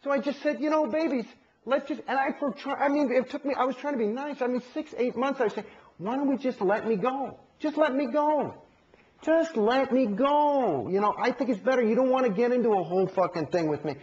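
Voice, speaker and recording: Husky, profane man telling his story. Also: very high-pitched, fast talker, highs cut off. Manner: profane, animated, acts out quotes. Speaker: interview guest. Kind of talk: candid interview storytelling.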